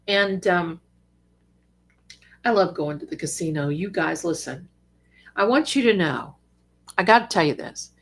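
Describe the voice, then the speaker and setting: This is an older woman chatting on her own live stream. She is fond of her viewers and calls them darlings, and now and then she gets excited. Her voice sits a little low. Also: a little slow, pauses often, husky. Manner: bursts of lively excitement. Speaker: psychic livestream host. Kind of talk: casual live-stream chat.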